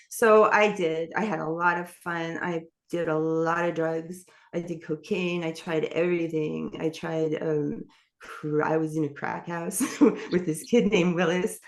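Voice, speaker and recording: Candid middle-aged woman, lowish voice. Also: fairly even intonation, measured pace. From New York. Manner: candid, rambling storytelling with frequent laughs. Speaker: interview guest. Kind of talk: personal testimony in an interview.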